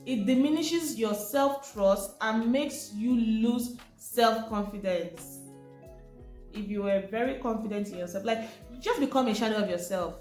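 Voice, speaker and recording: In an echoey room with faint music, a woman presents an informal teaching talk in a voice on the high side and a little mellow. She keeps it chatty and asks her listeners rhetorical questions.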